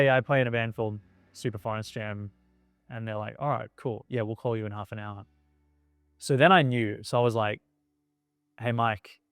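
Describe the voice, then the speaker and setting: Label founder, smooth clear voice, dry close sound, lively storyteller who acts out quotes. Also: male voice, medium pitch, no room sound. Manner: animated anecdote-telling, acting out quoted dialogue. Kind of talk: documentary interview storytelling.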